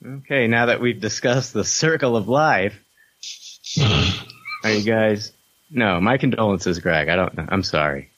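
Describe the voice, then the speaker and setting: A man's voice: fairly low pitch, unhurried, a bit bright, no room sound. A man hosting a casual group podcast, loose and joking, swearing freely as he runs the show. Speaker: podcast host.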